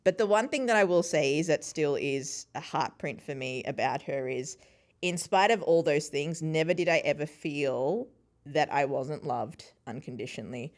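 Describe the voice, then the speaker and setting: A woman in her thirties from a Sri Lankan family, speaking low-pitched at a moderate pace, appears as a guest on a podcast. She's identified as both a podcast host and an interview guest. In casual conversation she tells stories animatedly, acting out other people's voices and laughing often.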